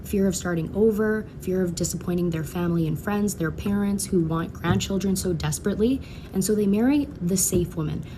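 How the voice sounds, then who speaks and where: Woman, fairly low voice, frank casual opinion talk, quick asides, noisy clip. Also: warm tone. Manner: frank, conversational, hedges with asides. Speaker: social media creator. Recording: clip with noticeable noise.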